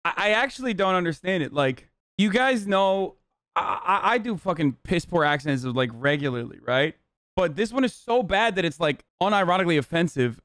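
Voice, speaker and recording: A man's voice: high-pitched, lively intonation, normal speed, a bit bright, no room sound, studio quality. Profane, incredulous male streamer. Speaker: streamer reacting to a clip. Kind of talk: live stream commentary.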